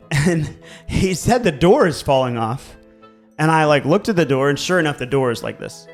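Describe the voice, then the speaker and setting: Animated man telling stories. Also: a little high, moderate pace, faint music behind. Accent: Baltimore. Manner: animated storyteller, swearing, laughing. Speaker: real estate agent and podcast co-host. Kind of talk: casual podcast chat.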